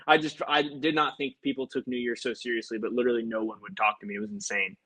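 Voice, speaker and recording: A man's voice: medium pitch, little pitch movement, fast, hardly any pauses, fairly bright tone, slightly rough, poor audio. A man, a life insurance agent, chatting casually to livestream viewers between sales calls in a breezy, upbeat way.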